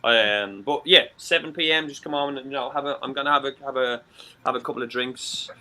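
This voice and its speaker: Irish male host, very bright tone, loose rambling delivery with lots of stumbles and swearing. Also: medium pitch, fairly quick. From Ireland. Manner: rambling, stumbles over words, swears freely. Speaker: show host. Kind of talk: casual chat.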